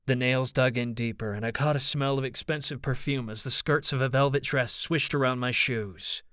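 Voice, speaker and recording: A man narrating an audiobook in the first person, with a steady, even storytelling delivery. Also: mid-range voice, normal speed, dry recording, clean studio sound.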